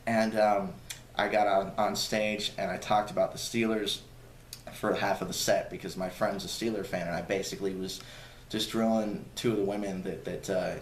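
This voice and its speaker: A man talks through his stand-up experiences in a loose, rambling way, often restarting and repeating himself. His voice sits a little low. The recording has a roomy echo over a faint background hiss. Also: little pitch movement, normal speed. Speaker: stand-up comedian. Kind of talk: casual interview storytelling. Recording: echoey room with faint noise.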